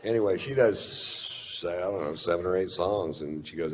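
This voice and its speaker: Deep-voiced man telling a stand-up story. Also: steady tone, moderate pace, few pauses. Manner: laid-back, profane storytelling. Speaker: stand-up comedian. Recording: reverberant live hall, faint hiss.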